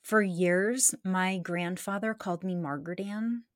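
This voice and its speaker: A woman in her thirties hosting a podcast, chatting casually with quick reactions and self-deprecating asides. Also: lowish voice, no echo. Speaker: podcast host. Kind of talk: casual chat.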